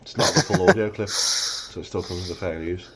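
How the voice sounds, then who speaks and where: A man's voice: low voice, brisk, a bit bright, husky, rough recording. A man narrating as game master in a casual tabletop game, laid-back and hesitant with lots of ums.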